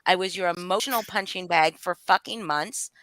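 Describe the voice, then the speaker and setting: Woman, fired-up livestream confrontation, profane and heated, bright voice, dry close sound. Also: on the low side, normal speed, no room sound. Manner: angry, profane, voice rising and falling. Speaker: livestream guest speaking out. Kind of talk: emotional live-stream confrontation.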